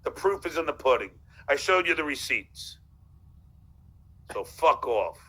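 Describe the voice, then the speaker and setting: A man's voice: fairly high pitch, big pitch swings, a little slow, pushed and bright, husky. A man ranting in played clips, profane and combative, hurling insults. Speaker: guest shown in clips. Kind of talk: heated rant.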